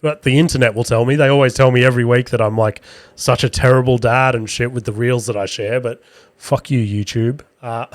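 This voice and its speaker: A man, hosting a podcast and telling a crude, self-deprecating story in a casual, animated way. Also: mid-range voice, a little fast, no room sound. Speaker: podcast host.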